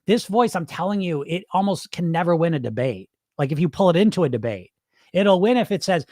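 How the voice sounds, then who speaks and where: A man's voice: a little high, animated, fairly quick, dry recording, studio quality. A man hosting a live weight-loss podcast, talking bluntly and profanely with pep-talk energy and reading viewer comments. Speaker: weight-loss hypnosis coach and podcast host. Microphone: wireless microphone.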